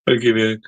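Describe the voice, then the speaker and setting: A man's voice: medium pitch, no room sound, rough recording. A man co-hosting a podcast in casual chat, swearing constantly and teasing his co-host.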